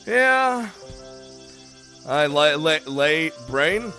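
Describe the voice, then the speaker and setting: Give me a sleepy male game streamer who rambles slowly and laughs between lines, bright-voiced. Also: mid-range voice, soft background music. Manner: rambling, laughs often, swears casually. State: just woke up, yawning. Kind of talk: live game stream chat.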